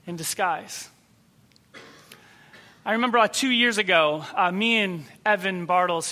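A man preaching a sermon, telling a story and acting out the people in it, dropping to a soft, quiet voice for tender moments. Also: high voice. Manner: storytelling, acts out quoted voices. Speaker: pastor.

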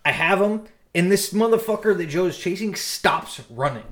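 A man's voice: high-pitched, lively intonation, moderate pace, a bit bright. A young man telling a rowdy story in casual chat, swearing and laughing.

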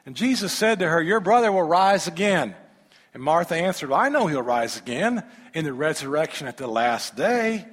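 A man preaching a sermon, reading scripture aloud and breaking in with animated rhetorical questions and humorous asides to the congregation. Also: on the high side, normal speed. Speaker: pastor. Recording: long reverb of a large hall.

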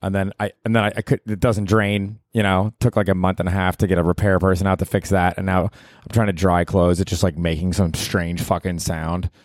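A man's voice: low-pitched, flat delivery, fairly quick, a little mellow, no room sound, studio quality. A man in his forties hosting a casual solo podcast, rambling and profane with a self-mocking streak. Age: 40s. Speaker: podcast host. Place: apartment.

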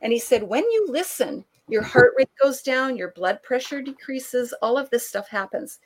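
A woman guest telling a long anecdote in conversation, animated and laughing often, acting out the people she quotes. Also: high-pitched, moderate pace. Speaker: author and guest. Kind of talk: conversational storytelling.

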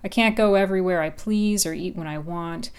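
A woman's voice: fairly low pitch, fairly quick, smooth, close to an everyday voice. A woman reading an aloof male house cat. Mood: wry.

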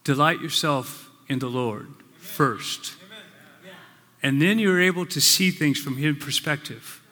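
A male pastor preaching a sermon, with slow, earnest, emphatic phrases. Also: fairly high pitch, sharp tone. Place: church sanctuary. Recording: long reverb of a large hall.

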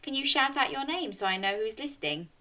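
A woman's voice: high voice, lively intonation, a little fast, pushed and bright. A woman hosting a storytime for young children, reading a picture book aloud and coaxing listeners to join in with animal sounds.

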